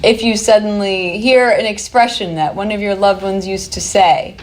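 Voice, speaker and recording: A woman's voice: medium pitch, fairly even intonation, normal speed, a little hiss or hum. A woman presenting a workshop to a live group, talking in a chatty, upbeat way and laughing easily.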